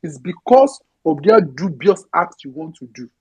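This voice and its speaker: A woman's voice: fairly low pitch, big pitch swings, moderate pace, darkish tone. A woman with a Nigerian accent who mixes in Yoruba, making an impassioned, near-tearful political appeal, pleading and swearing. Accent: Nigerian, mixing in Yoruba. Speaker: audio-room participant.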